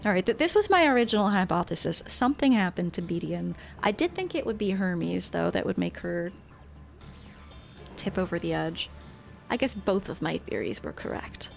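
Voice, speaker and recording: A woman's voice: lowish voice, expressive, moderate pace, gravelly, soft background music. Chatty Canadian woman streamer. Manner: chatty, answers chat, frequent "like" fillers. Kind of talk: live gameplay commentary.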